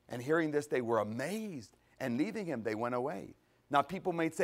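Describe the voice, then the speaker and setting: A man preaching a conversational sermon, animated, asking rhetorical questions and answering them himself. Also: mid-range voice, normal speed. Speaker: pastor.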